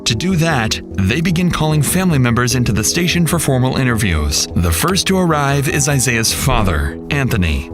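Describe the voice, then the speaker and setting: A man giving scripted true-crime narration in a suspenseful, dramatic delivery. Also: medium pitch. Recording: voice-over with loud music bed.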